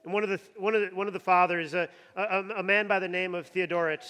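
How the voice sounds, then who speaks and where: High-pitched guy preaching, lots of repeating himself, big echoey church sound. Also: fairly even intonation, fast talker, bright, forceful tone. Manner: emphatic, repeats words while building up. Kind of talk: sermon. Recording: long hall reverb.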